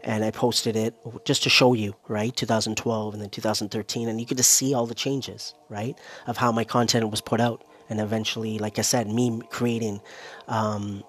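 A man's voice: fairly low pitch, little pitch movement, moderate pace, a bit bright, slightly rough. Male content creator, casual solo monologue, loose and rambling, slightly short of breath. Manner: rambling, keeps adding "right?" and "you know".

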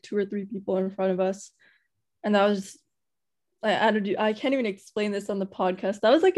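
Mellow-voiced young woman gushing on a podcast. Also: mid-range voice. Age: young adult. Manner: rambling and gushing, heavy use of "like". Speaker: podcast co-host. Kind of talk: casual chat.

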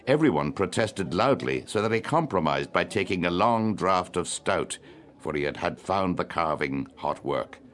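A man narrating literary fiction in a measured, expressive audiobook reading. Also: sits low.

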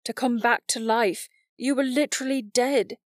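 A woman's voice: on the high side, fairly even intonation, moderate pace, no echo, studio quality, pitched above the performer's own voice, natural voice. A woman voicing an earnest, shy teenage boy who speaks sincerely and hesitantly.

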